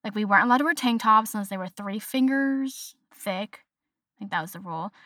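A twenty-something woman hosting a casual solo podcast rants in an exasperated, chatty manner, putting on voices for the people she quotes. She speaks a little fast at a medium pitch with a fairly bright tone, in a studio-quality recording with no room sound.

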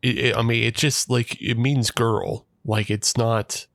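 A man co-hosting a podcast, explaining things in a relaxed, hesitant way with many restarts. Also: medium pitch, unhurried, dry recording, studio quality. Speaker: podcast co-host. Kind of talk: casual film review chat.

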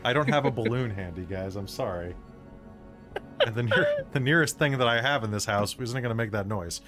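A man's voice: on the low side, fast talker, fairly bright tone, faint music behind. A man running a live tabletop game as game master, rambling with lots of restarts. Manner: rambling, full of restarts and fillers.

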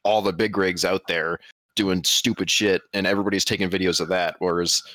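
A man chatting casually on a podcast in a relaxed, rambling way, often restarting his sentences. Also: low-pitched, brisk, no echo. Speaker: podcast co-host. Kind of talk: casual chat.

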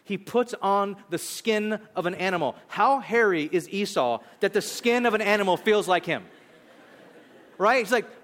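A male pastor preaching a sermon, retelling a story in an animated, conversational way. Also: sits high, normal speed. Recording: long hall reverb.

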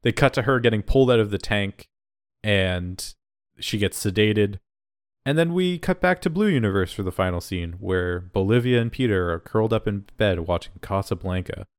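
A man co-hosting a podcast, casually recapping an episode with deadpan jokes. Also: fairly low pitch, normal speed, clear, resonant tone, no echo, clean studio sound. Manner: joking recap with mock deadpan asides. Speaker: podcast co-host.

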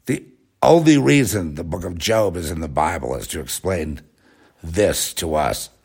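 A man's voice: sits low, lively intonation, unhurried, creaky, a little mellow, husky. A man hosting a rambling, sarcastic religious commentary talk.

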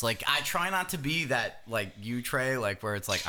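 Bright, playful man chatting. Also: medium pitch, big pitch swings, unhurried. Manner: playful, rambling, teasing. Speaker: podcast co-host. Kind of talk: casual chat.

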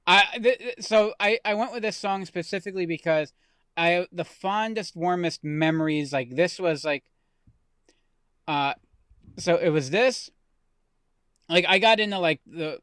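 A man's voice: fairly high pitch, fairly bright tone, smooth, no echo, clean studio sound. A man in his thirties co-hosting a casual podcast chat, rambling and often restarting his sentences. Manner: rambling, self-correcting. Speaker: podcast co-host.

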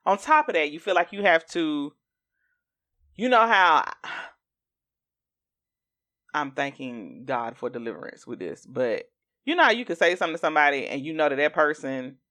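A woman hosting a podcast in casual chat, animated and acting out what other people say. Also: moderate pace, long pauses. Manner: animated, acts out quoted speech in jumps of pitch. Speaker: podcast host.

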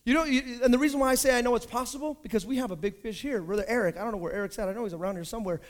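A man pastor, telling stories in a sermon and building up to shouted preaching. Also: very high voice, racing.

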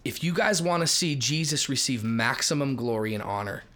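A man co-hosting a casual faith podcast, telling lively stories and reading scripture aloud. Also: medium pitch, normal speed. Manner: animated storyteller, reads scripture aloud. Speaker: co-host.

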